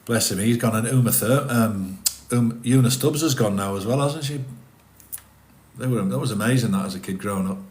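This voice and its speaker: A man's voice: medium pitch, moderate pace, a little mellow. A middle-aged man, chatting casually on a livestream and answering viewers' comments as he rambles. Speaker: livestream host reading chat. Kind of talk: casual live chat.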